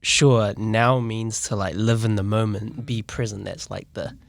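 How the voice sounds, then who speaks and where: Gravelly laid-back New Zealand man. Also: lowish voice, fairly even intonation, measured pace, dry recording, studio quality. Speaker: podcast guest, architect. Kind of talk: casual chat. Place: podcast studio.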